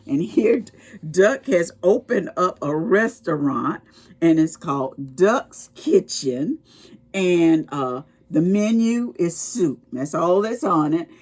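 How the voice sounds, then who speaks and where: A woman's voice: lowish voice, slightly rough. A woman reading a picture book aloud to preschoolers, explaining words and asking the children questions as she goes. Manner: expressive, slow and explaining to children. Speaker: children's storytime reader.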